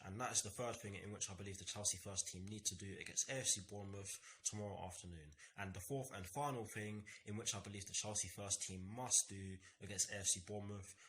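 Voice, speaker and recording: A man's voice: deep voice, a bit bright, slight background noise. A young man hosting a football fan vlog, talking earnestly in repetitive phrases with some stammering. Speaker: football fan channel host. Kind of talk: match preview vlog.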